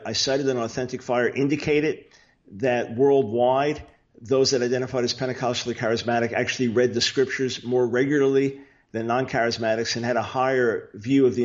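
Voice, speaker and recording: Man, interview guest, earnest, explanatory, middle pitch, lo-fi sound. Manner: earnest, explanatory, with frequent restarts. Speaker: guest, Bible teacher and author. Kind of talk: theological interview answer.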